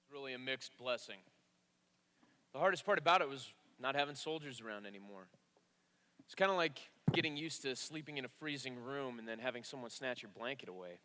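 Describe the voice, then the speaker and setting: A man, a military veteran now in college, reflecting in a measured way on life after service. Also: medium pitch, sharp tone. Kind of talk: personal testimony.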